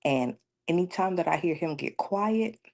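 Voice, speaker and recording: A woman's voice: fairly low pitch, lively intonation, moderate pace, vocal fry, darkish tone. A woman in her thirties speaking as a radio show guest, earnest and storytelling, laughing often. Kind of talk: casual talk radio conversation.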